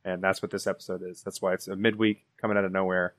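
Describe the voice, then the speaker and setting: A man's voice: low voice, flat delivery, quick pace, a bit bright, dry recording. A man co-hosting a podcast, rambling and teasing. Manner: rambling and teasing, trails into restarts. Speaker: podcast host. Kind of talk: casual podcast chat.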